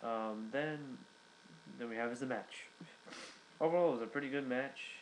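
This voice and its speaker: A man's voice: medium pitch, normal speed, a little hiss or hum, low-quality recording. A young man giving a casual recap, rambling with many fillers and restarts. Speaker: wrestling reviewer.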